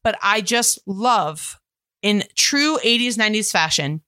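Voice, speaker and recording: Bright-voiced woman co-hosting a podcast. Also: mid-range voice, measured pace, no room sound, studio quality. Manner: animated, acts out quoted lines. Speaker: podcast co-host. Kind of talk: casual chat about a movie.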